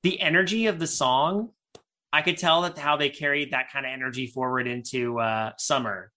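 An enthusiastic man chatting casually about a film, his voice bright and forward. He rambles a little and restarts sentences as he gets excited. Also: mid-range voice, normal speed. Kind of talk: casual chat.

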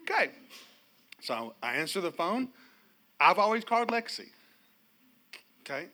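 A middle-aged male pastor preaches with a high, lively voice that swings up and down as he tells a story. His tone is very bright and cutting. He keeps the congregation involved with humor and questions. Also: measured pace. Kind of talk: sermon. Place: church.

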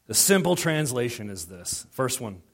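A middle-aged man preaching to his congregation in a relaxed, conversational way. He moves through personal stories and plays out both sides of remembered conversations. His voice sits at an ordinary male pitch. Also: moderate pace. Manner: conversational storytelling with quoted dialogue. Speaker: pastor. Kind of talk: sermon.

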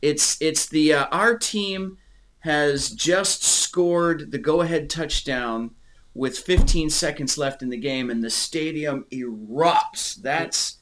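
A man in casual conversation about faith, rambling and restarting, animated and emotional as he speaks. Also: fairly high pitch, slow, a little hiss or hum. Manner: rambling, animated, repeats words.

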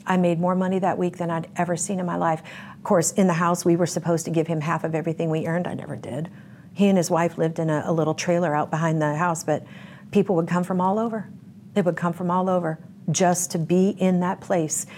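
A woman's voice: on the low side, flat delivery, a little fast, darkish tone, a little hiss or hum. A woman giving a candid interview, telling her story bluntly and vividly. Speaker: interview guest.

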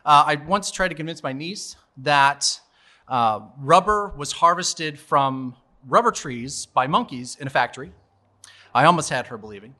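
Dude in his 40s doing a story on stage, highish bright voice, cracks himself up. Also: expressive, moderate pace. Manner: chatty, laughs at his own story. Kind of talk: live stand-up storytelling. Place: live storytelling show at a bar venue.

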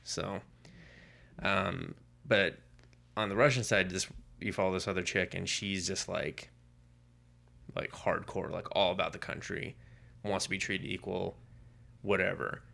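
A man co-hosting a casual podcast, retelling a story with lively, acted-out quotes. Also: low-pitched, unhurried, vocal fry, pauses often. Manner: animated storytelling, acting out quoted lines. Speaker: podcast co-host. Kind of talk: casual comic book podcast chat.

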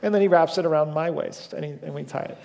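Young male pastor, slightly high and gravelly, loose self-deprecating storyteller preaching in a reverberant church. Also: fast talker, darkish tone. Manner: casual storytelling, self-deprecating, with frequent fillers. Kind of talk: sermon. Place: church sanctuary.

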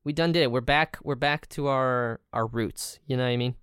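A woman's voice: a bass voice, moderate pace, clear, resonant tone, no room sound, studio quality. A woman co-hosting a podcast in casual chat, laid-back and drawling with lots of filler words. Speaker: podcast co-host.

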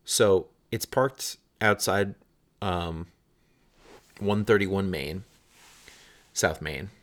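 A man's voice: deep voice, drawn-out words, a bit bright. A man in his thirties telling a casual, rambling anecdote with frequent restarts and some swearing.

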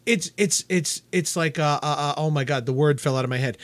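A man's voice: on the high side, fairly quick, no echo. A man, a filmmaker guest on a casual podcast, eager and often hunting for his words.

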